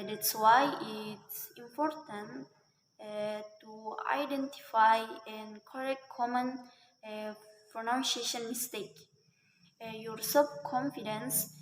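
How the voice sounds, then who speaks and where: A woman with an Indonesian accent, a native Indonesian speaker, giving a halting class presentation full of filler pauses. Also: a little high, a little hiss or hum. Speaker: student presenter. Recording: echoey room with long reverb.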